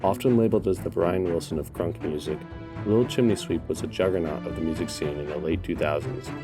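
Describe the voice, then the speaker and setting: A man narrates a mock documentary in a solemn, measured tone, his voice low and steady. Music plays clearly underneath him.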